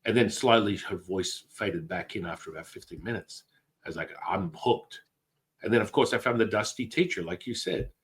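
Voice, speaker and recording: Excitable man telling wild stories. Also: on the low side, normal speed. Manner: excitable, swears, acts out quotes in other voices. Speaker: guest. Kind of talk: animated storytelling.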